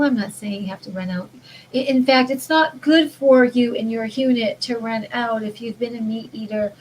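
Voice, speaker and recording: A woman's voice: fairly high pitch, a little mellow, slight background noise, poor audio. A woman talking in an earnest, rambling way about mindful living, often restarting her sentences. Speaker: vlogger. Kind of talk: casual spiritual monologue.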